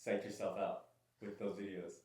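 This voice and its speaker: A man chatting casually on a podcast in a relaxed, laid-back way, heard in a roomy space with other voices behind him. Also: low voice, moderate pace. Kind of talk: casual chat.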